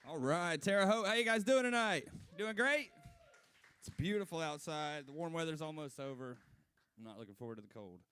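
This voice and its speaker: A man's voice: on the high side, animated, normal speed, sharp tone, smooth. A man in his twenties doing a stand-up set at a brewery, telling loose, profane stories with asides to the crowd. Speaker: stand-up comedian. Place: brewery comedy stage.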